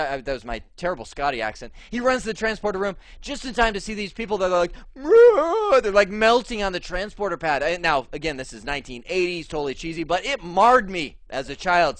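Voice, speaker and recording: A man's voice: high voice, fairly bright tone, dry recording. A man teaching a cloud computing lesson in a casual, chatty way, with many fillers and restarts. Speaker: instructor. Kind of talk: screen-share tech lesson.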